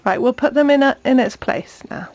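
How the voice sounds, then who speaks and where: A woman's voice: sits high, fairly quick, darkish tone. A young mother filming a casual home vlog, chatting to camera and coaxing her toddler in a sing-song voice. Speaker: vlogger and mum.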